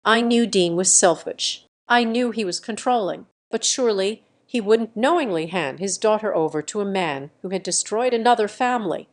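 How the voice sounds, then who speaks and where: A woman narrating a first-person family drama story in an even, steady, scripted reading. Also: mid-range voice, normal speed, few pauses.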